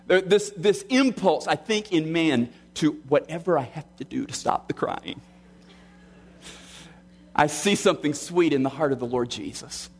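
A man's voice: on the high side, slightly rough. Earnest middle-aged male preacher. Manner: earnest, slows for emphasis, drops quiet on key lines. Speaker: pastor. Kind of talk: sermon.

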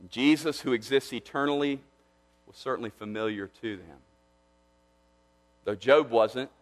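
A man preaching a sermon as pastor, earnest and emphatic, often restarting his phrases as he builds to a point. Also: mid-range voice. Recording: long hall reverb.

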